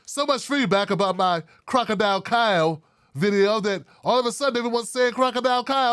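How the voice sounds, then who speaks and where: A man hosting his own commentary show, talking bluntly with wry asides in a casual, animated way. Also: sits high, brisk, clear, resonant tone, no room sound, clean studio sound. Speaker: political commentary host.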